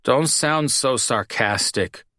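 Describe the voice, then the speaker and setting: A man's voice: mid-range voice, takes it slowly, bright, forceful tone, dry recording, clean studio sound, voice pushed up. A man reading an audiobook, voicing a drunk, self-pitying young bartender who mumbles and slurs. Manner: slurred, mumbling. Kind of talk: audiobook character voice.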